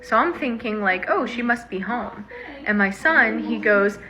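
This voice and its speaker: A woman in her thirties telling her own eerie experience in a casual, animated way, acting out what people said. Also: fairly high pitch, unhurried, soft background music. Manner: animated, retelling with quoted voices and fillers. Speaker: storyteller sharing a personal experience. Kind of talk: casual first-person storytelling.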